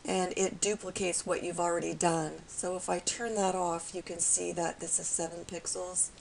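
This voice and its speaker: A woman with a raspy voice today, calmly walking viewers through a step-by-step software tutorial. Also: lowish voice, normal speed, slight background noise, rough recording. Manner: calm, explanatory, with frequent fillers.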